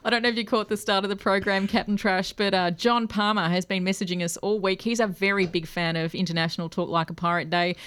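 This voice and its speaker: An Australian woman hosts a community radio show in a friendly manner and laughs easily. Her voice is mid-pitched, and fillers and ums run through her talk. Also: steady tone, fast talker, few pauses, fairly bright tone, clear, resonant tone. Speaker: radio host.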